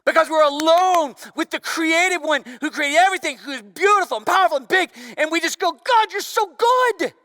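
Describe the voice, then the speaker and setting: Animated young male pastor preaching. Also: extremely high pitch, a little fast, few pauses, no echo, studio quality. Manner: animated, swings from shouting to hushed. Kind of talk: sermon.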